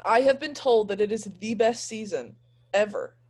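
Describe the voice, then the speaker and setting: A woman's voice: fairly high pitch, normal speed, darkish tone, husky. A woman guest on a podcast, chatting casually and playfully, laughing often. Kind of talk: casual chat.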